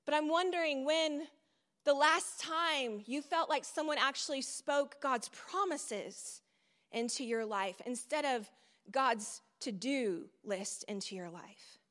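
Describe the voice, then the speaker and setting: A woman's voice: high-pitched, slow pace, a bit bright. Woman, middle-aged, sermon, conversational storytelling, long hall reverb. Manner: storytelling, conversational with audience asides. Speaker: speaker at a church event.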